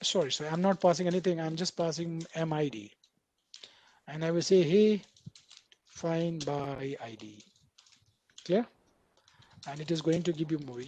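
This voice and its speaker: With a high-sitting voice and a dark tone, this instructor leads a live online coding session over a faint hiss or hum. He chats with the class, repeatedly asks "right?", and voices the code editor's messages.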